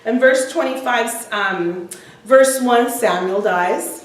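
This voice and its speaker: A woman's voice: fairly high pitch, slow. A woman teaching a women's Bible study, retelling scripture in casual everyday words with frequent ums. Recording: echoey room, voice from far off the mic.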